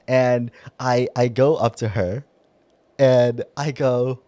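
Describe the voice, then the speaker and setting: A man's voice: medium pitch, slow pace, heavy background noise. A young man co-hosting a podcast, telling a story in casual chat and laughing often. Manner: animated, laughs often, acts out his own nervous voice. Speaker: podcast co-host.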